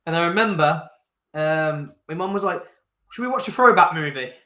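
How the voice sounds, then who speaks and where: Lively man telling a story, echoey. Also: a little high, moderate pace. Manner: animated storyteller, laughing through anecdotes. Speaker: podcast co-host. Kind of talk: casual chat.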